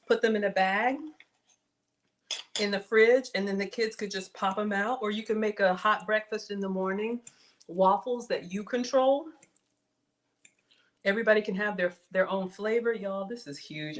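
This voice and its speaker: A middle-aged woman chats through a home cooking livestream. She is excitable and talkative, with a voice of middle pitch. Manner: chatty and excitable, talks to viewers with "y'all". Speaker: home cook livestream host. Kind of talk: casual livestream cooking chat.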